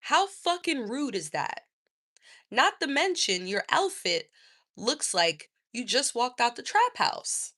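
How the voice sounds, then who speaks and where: A woman's voice: a little high, very animated, slow pace, sharp tone. A woman hosting a livestream, ranting in a sassy, profane and indignant way. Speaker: livestream host. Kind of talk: casual livestream rant.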